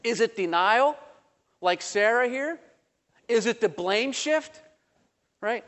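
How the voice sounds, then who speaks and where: Animated high-voiced preacher in a hall. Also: male voice, slow, pauses often. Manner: animated, acts out voices in quotes, conversational asides. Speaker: pastor. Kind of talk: sermon.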